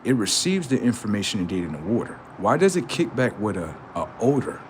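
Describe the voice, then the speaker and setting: Very animated and brisk, this livestream host preaches at his audience confrontationally, using rhetorical questions and street slang. His voice sits on the low side, and there's slight background noise.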